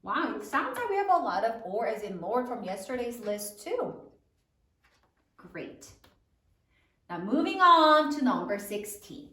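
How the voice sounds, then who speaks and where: Brief: woman teacher, high lively voice, slow careful dictation, roomy and set back from the mic. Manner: slow, clearly enunciated word dictation. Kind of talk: spelling lesson dictation. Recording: roomy, from a distance.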